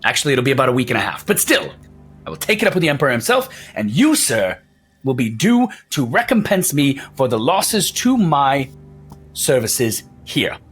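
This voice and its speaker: A man's voice: medium pitch, big pitch swings, moderate pace, fairly bright tone, breathy edge, soft background music, voice pushed up. A man voicing a pompous middle-aged carnival master who speaks in an indignant, formal way.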